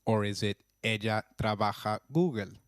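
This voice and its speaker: A man narrating a scripted language lesson in an even teaching voice, slowing down to model phrases. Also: fairly low pitch, no room sound, clean studio sound.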